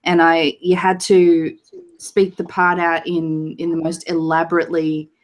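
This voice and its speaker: Lower-voiced woman in casual chat. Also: completely flat delivery, a little slow. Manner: chatty, backchannels often, swears casually.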